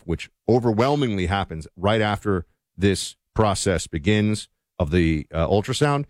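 A radio co-host chats conversationally and then reads a live sponsor spot with real emphasis. His voice is fairly low and darkish in tone, with no echo.

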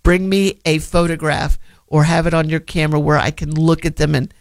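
A man hosts a gardening call-in show, rambling through tips in a chatty, friendly manner. His voice sits a little high for a man. The sound is dry and close, with no room around it. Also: fairly even intonation, fairly quick, no room sound. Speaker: gardening radio show host. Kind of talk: casual radio gardening advice.

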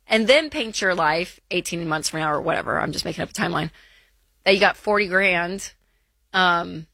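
A woman's voice: fairly low pitch, vocal fry, sharp tone, no room sound. A woman co-hosting a call-in advice show, upbeat and reassuring, laughing easily with callers. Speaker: radio show co-host.

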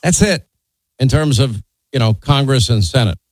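A man's voice: mid-range voice, expressive, moderate pace, no echo, poor audio. A man hosting a talk radio show and taking calls, blunt, opinionated and teasing, from New York.

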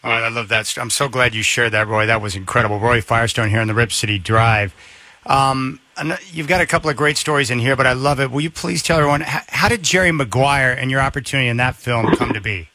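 A man's voice: medium pitch, fast, sharp tone, no echo. A male radio host interviewing a guest, reacting with eager enthusiasm.

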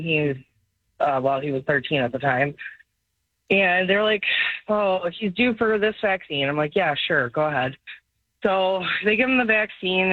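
A mother calling in to a radio show, telling a story in an animated way and laughing often. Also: low-pitched, no room sound. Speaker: caller. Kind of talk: phone-in storytelling. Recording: tinny phone line.

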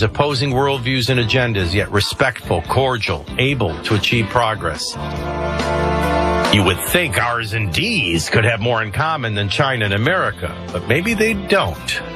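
A man hosting a morning talk radio show, running through scores and birthdays with a breezy, wry manner and an announcer's sing-song cadence. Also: mid-range voice. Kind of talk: casual radio chat and sports rundown. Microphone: studio microphone.

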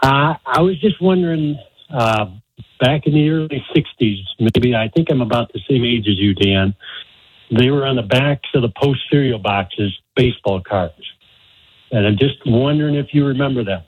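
A man's voice: mid-range voice, moderate pace, slightly rough, dry recording, highs cut off. A man in his sixties calling into a sports radio show, easygoing and a bit hesitant. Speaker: radio caller.

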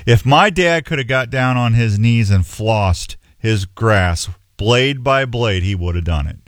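A man's voice: medium pitch, lively intonation, a little slow, no room sound. Folksy rambling man, dry studio sound. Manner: rambling, folksy, self-mocking. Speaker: radio show host. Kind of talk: casual on-air chat.

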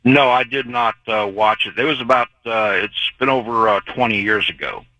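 Man, radio caller, low pitch, forceful tone, rambling, earnest storyteller. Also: moderate pace, dry recording, low-quality recording. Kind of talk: call-in storytelling.

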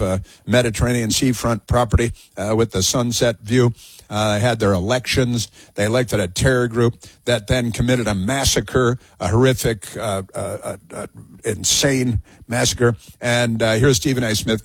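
A man's voice: mid-range voice, slightly rough, no room sound. A man hosting a talk radio show, delivering sarcastic, mocking commentary that rambles with frequent fillers.

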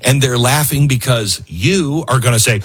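A man hosting a political talk show, giving opinionated commentary in an animated way, laughing often and repeating himself for emphasis. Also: medium pitch, moderate pace, slightly rough.

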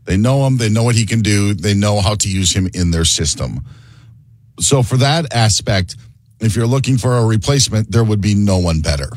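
A man with a lowish, husky voice lays out his sports analysis in measured terms. He stays skeptical and says so bluntly. The sound is close and dry. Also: lively intonation, darkish tone, dry recording.

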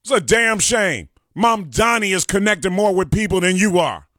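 A fired-up man with a Chicago accent rants into a studio mic on talk radio. His voice sits high and rings bright and sharp. The sound is close and dry, with no room around it. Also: animated, moderate pace, no echo. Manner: fiery, preachy, repeats phrases for emphasis. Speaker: radio talk show host. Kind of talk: impassioned political talk radio rant. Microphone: studio microphone.

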